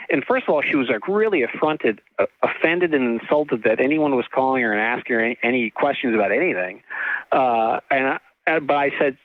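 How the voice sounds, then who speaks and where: A middle-aged man from California, an author telling a long story in an interview, halting with many restarts and fillers, laughing now and then. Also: mid-range voice, expressive, no echo. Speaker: author and guest. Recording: tinny phone-like line.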